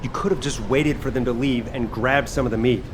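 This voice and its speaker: A man's voice: mid-range voice, steady tone, brisk, close to an everyday voice. An actor playing a blunt, impatient male chef searching for a missing companion in a game. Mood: concerned. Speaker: game character. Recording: game audio with ambient noise.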